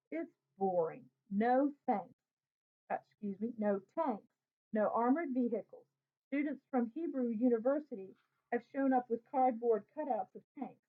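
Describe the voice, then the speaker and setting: A woman reading a first-person novel aloud as an audiobook narrator, telling the story in a lively boy's voice. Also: a little high. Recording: tinny phone-like audio.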